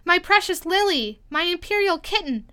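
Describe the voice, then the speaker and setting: A woman voicing a frantic, fussy White Queen chess piece from a storybook, crying out in high, breathless bursts. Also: lively intonation, moderate pace, sharp tone, exaggerated voice.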